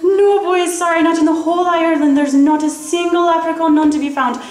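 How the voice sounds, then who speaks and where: Brief: woman voicing a cheerful elderly nun in a told joke, high and bright, heard from the back of a roomy hall. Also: steady tone, brisk. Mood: chirpy. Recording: roomy live recital from far off.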